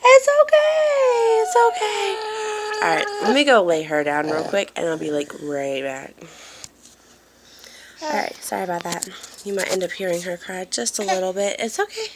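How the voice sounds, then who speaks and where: A woman's voice: fairly low pitch, moderate pace, pauses often, background noise. A woman chatting casually in a home vlog, apologetic and rambling with lots of fillers, filming on a handheld phone in a dim room. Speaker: mother giving a family update.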